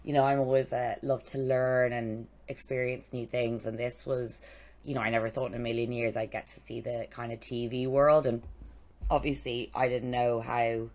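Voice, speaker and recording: A young adult woman co-hosting a podcast, telling lively stories, swearing freely and acting out what people said. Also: rumbling low, moderate pace. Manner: animated storytelling, swearing, acting out quotes. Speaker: podcast co-host. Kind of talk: casual chat.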